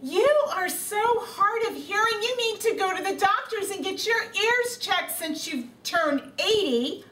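A woman acting an exasperated wife who calls out loudly to her hard-of-hearing husband. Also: extremely high pitch, expressive, a little slow, hardly any pauses, full character voice. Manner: calling out loudly. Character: exasperated wife, loud and shrill. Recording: roomy room sound from a distant camera.

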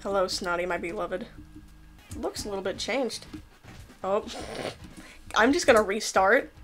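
A woman casually commentating a game she is playing, excitable and jokey, laughing often and yelping when things go wrong. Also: medium pitch, unhurried, soft background music. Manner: excitable, laughing, swearing, yelps in panic. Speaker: gameplay commentator. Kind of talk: casual let's-play commentary.

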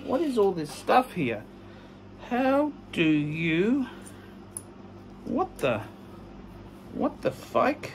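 A middle-aged man hosting his own vlog, chatting casually through a live unboxing, excitable and humming to himself as he opens a parcel. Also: high-pitched, very slow, long pauses, a little hiss or hum. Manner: excitable, hums while working, mock-sarcastic. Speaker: vlog host.

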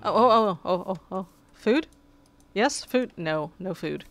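While playing a video game, a woman offers chatty commentary, talking back to the creatures and growing exasperated. Her medium-pitched voice is animated, unhurried and a bit bright, full of sarcastic asides.

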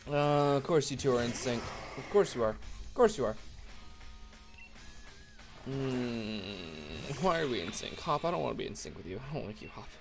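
A man's voice: medium pitch, expressive, moderate pace, creaky, pauses often, over music. A man giving casual, rambling let's play commentary, sarcastic and chatty with viewers. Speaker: gaming YouTuber.

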